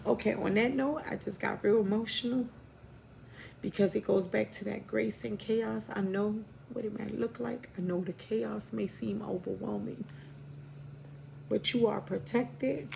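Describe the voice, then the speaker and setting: In a noisy home recording, a tarot reader with a New York accent offers viewers a heartfelt spiritual reading, preachy in tone and addressing them as y'all and baby. Her medium-pitched voice is steady and mellow, with vocal fry and a measured pace.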